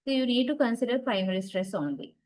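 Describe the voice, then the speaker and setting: Speaking fast with lively intonation, a woman gives a recorded university lecture on English word stress in English, which is not her first language. Her slightly high voice has a darkish tone, and she often says "uh", restarts, and checks with "right?" and "okay". The recording is rough.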